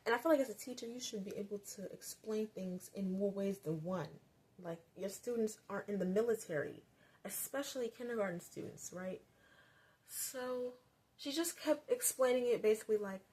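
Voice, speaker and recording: Here a woman vlogger recounts a childhood story in a casual, chatty manner, rambling with lots of fillers and many "like"s. Her voice is husky and medium in pitch, and she becomes more animated as she goes.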